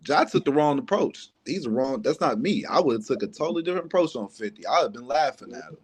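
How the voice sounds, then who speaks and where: A man's voice: medium pitch, animated, fast talker, slightly rough. A man in a casual group chat, blunt and profane, pushing his point hard.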